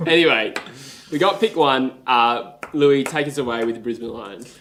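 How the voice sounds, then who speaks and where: A young Australian man runs a casual footy podcast, keeping things moving with easygoing ums and asides. His pitch sits in an ordinary middle range, with a faint hiss in the background. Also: moderate pace, a bit bright. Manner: runs the segment, loose with fillers. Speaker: podcast host. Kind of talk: casual sports chat. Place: room, on camera.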